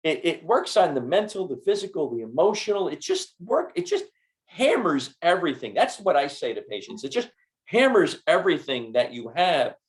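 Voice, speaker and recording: A middle-aged man hosting a health podcast, telling stories in an animated, repetitive way. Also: fairly high pitch, normal speed. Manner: animated storyteller, repeats words. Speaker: podcast host and doctor. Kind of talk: casual interview chat.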